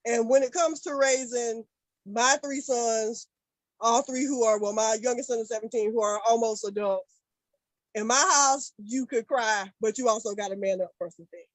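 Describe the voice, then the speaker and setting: A woman in her forties, an author guest on a panel, talking in an earnest, reflective way with halting restarts. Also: a little high, no room sound, rough recording. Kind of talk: panel discussion.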